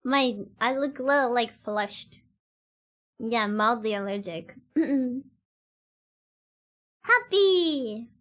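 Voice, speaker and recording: A woman's voice: a little high, slow pace, a bit bright. A woman streamer chatting casually with her viewers, giggling and laughing often, with loose, slightly non-standard grammar.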